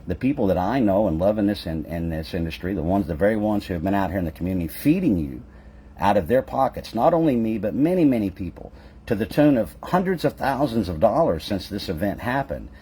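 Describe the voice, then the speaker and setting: A man's voice: lowish voice, lively intonation, brisk, dark tone, husky. A man who owns a public adjusting business, speaking straight to his audience in a fervent address full of rhetorical questions. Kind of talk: impassioned direct-to-camera address.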